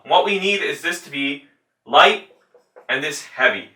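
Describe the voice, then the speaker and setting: Brief: male tajweed teacher, slow patient demos, bright tone, set back in a roomy space. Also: on the high side, lively intonation. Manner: patient, demonstrating sounds slowly and repeating them. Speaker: Quran recitation teacher. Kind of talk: tajweed lesson with spoken demonstrations. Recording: roomy sound from a distant mic.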